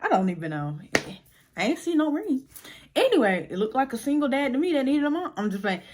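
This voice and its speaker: A young woman vlogger telling a casual storytime tale, animated and slangy, acting out the people in it. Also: high-pitched, fairly quick, noisy background. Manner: animated, slangy, acts out voices.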